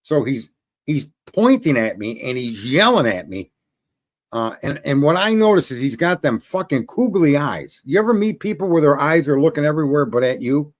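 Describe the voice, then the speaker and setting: A man's voice: on the high side, very animated, moderate pace. A middle-aged man telling a long story in a crude, swaggering, casual way, swearing often and laughing at his own jokes. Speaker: show host telling a story.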